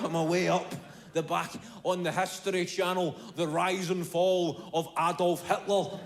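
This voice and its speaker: A Scottish man in his thirties doing stand-up comedy, telling an animated, profane story. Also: high-pitched, a little slow.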